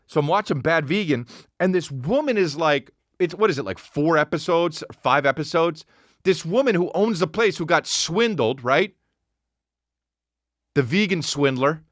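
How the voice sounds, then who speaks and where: A man in his thirties hosts a podcast with a sarcastic, swearing comic rant, mimicking people as he goes. His voice sits high and swings widely in pitch. The recording is dry and close, with no room sound. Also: fairly bright tone, dry recording. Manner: sarcastic, swearing, mocking impressions. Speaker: podcast host. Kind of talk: comedic rant.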